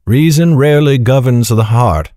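A man voicing a grave, wise older knight who speaks in a measured, soft way. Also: medium pitch, no room sound, clean studio sound, lightly acted. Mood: grave, gentle. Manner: measured, calm, soft-spoken.

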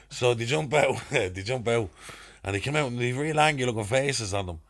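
Lively Irish storyteller man. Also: mid-range voice, normal speed. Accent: Irish, Dublin. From Ireland. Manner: animated anecdote-telling with crude slang and put-on voices. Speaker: podcast guest, actor. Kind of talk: casual storytelling.

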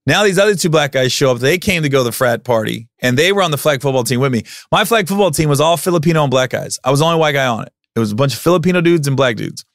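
A man in his forties talks casually on his podcast, spinning a story with lively delivery and bursts of loud acted-out dialogue. His voice sits a little high for a man, and the sound is close and dry with no room around it. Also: very fast, hardly any pauses, no echo. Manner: animated, acts out quotes in loud raised voices. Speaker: podcast host.

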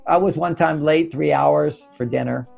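An older man with a high, gravelly voice tells stories as a guest, acting out the voices of himself and his wife. Faint guitar music plays underneath. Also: normal speed, darkish tone. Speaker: relationship author as guest. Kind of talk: animated storytelling advice.

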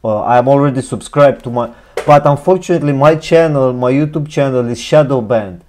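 A man's voice: mid-range voice, brisk, a little mellow, a little hiss or hum. Chatty, profane man with a foreign accent. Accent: non-native English. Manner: chatty, profane, laughs often. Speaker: host reacting to a video. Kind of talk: casual reaction commentary.

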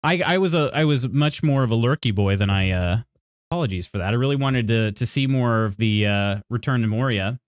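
A man's voice: medium pitch, brisk, dry recording, clean studio sound. A man streaming and chatting casually with his viewers. He rambles, apologizes, restarts sentences and laughs often as he reads chat aloud.

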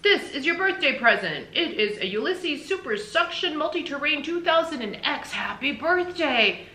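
Woman doing a boastful storybook husband, eager salesman tone, bright voice, echoey room. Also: animated, normal speed. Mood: proud, eager. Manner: boastful, pitching like an ad. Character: eager salesman-like husband, middle-aged man.

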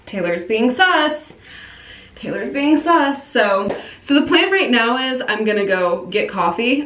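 A bubbly young woman talks straight to her phone camera in a casual vlog. She gushes excitedly and fills her sentences with "like". Her pitch sits in the middle of the range for a woman. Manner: bubbly and gushing, frequent "like" fillers. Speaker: vlogger. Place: at home, in a car and in stores.

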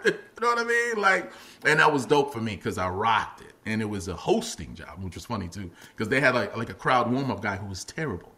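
Animated, bright-voiced man telling stories. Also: quick pace. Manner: animated, acts out quotes in a much higher voice, laughs often. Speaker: guest comedian and actor. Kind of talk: casual podcast interview storytelling.

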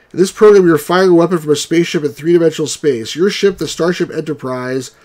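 Slightly high-voiced man grumbling through old games. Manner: reads on-screen game text aloud between wry, grumbling asides. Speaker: game reviewer and channel host. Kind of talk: let's-play commentary.

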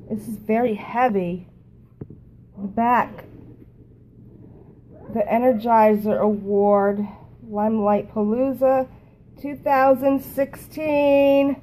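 Halting, heartfelt woman. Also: a little high, steady tone, warm tone, slight background noise, low-quality recording. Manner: halting, repeats herself, heartfelt. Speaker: network marketing team member. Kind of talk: emotional casual talk to camera. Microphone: phone camera.

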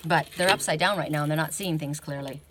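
A woman's voice: deep voice, fast talker, very noisy. A woman giving an oracle card reading in a casual, rambling way, often thinking aloud and tagging her points with a questioning "right?".

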